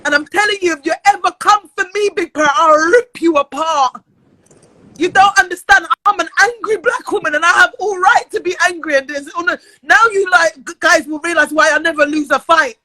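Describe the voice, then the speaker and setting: A woman pours out a furious, swearing livestream rant in a very high, bright, sharp voice. She shouts often and sounds close to tears. The sound is dry and close, with no room echo. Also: normal speed. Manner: angry, loud and profane, often near tears. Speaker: live streamer.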